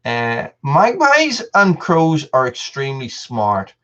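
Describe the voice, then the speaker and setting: A man's voice: medium pitch, huge pitch swings, slow pace, a bit bright, muffled recording. A man hosting a casual live stream, chatting with viewers in a rambling way, full of restarts and repeated words.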